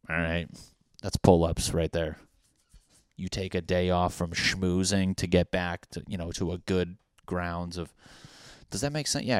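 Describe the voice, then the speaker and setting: A man's voice: sits low, unhurried, no room sound, studio quality. A young man hosting a podcast, ranting casually in a rambling, profane, self-mocking way. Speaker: podcast host. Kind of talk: casual comedic rant.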